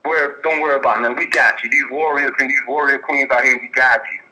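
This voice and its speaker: A man's voice: mid-range voice, fairly even intonation, fast talker. A man calling in by phone, talking emphatically and ending phrases with "man". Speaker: caller. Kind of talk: phone-in call. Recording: bright tinny phone line.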